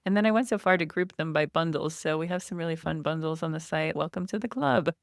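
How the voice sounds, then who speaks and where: Low-voiced woman with a gravelly edge. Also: fast, dry recording. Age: 40s. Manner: chatty, laughs lightly while explaining. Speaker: podcast guest, online store founder. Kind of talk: casual interview chat.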